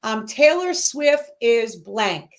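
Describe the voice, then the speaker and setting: Chatty woman host, high voice. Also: sing-song, slow pace. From Massachusetts. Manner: chatty, laughs often, many "um" fillers. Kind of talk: casual chat. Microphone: online video call.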